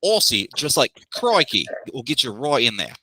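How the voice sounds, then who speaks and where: A man narrating as game master in a tabletop game, in a lively, descriptive way. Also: medium pitch, moderate pace, slightly rough, dry recording.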